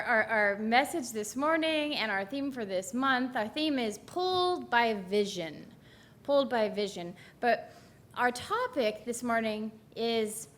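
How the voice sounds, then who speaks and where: A woman minister delivers her Sunday talk into a microphone in a church sanctuary. She is chatty and wanders off track, with a self-deprecating humor. Her voice sits a little high for a woman. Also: fairly bright tone. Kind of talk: sermon.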